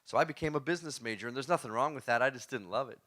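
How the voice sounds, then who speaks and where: Guy giving a storytelling talk, animated, laughs a lot, tense punchy tone. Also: mid-range voice, rapid-fire. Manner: animated, asks the audience questions; laughs often while telling stories. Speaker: motivational speaker. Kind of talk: storytelling talk to a live audience.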